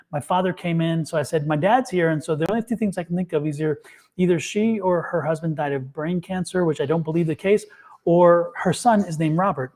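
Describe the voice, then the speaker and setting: A man in casual chat, telling an animated story and acting out what people said. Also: on the high side. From United States. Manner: animated storyteller, acts out quotes. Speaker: psychic reader and co-host.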